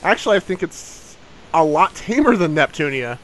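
A man with a high-pitched voice hosts a laid-back gaming show. His delivery is excitable and bouncy, jumping between topics. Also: normal speed, rough recording. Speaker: show host. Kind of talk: casual podcast chat.

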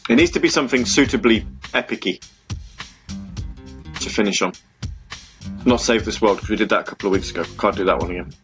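A man's voice: on the low side, fast talker, pauses often, fairly bright tone, faint music behind. A man hosting a casual fan radio show, rambling and interrupting himself, from England. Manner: rambling, self-interrupting, puts on voices. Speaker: podcast host.

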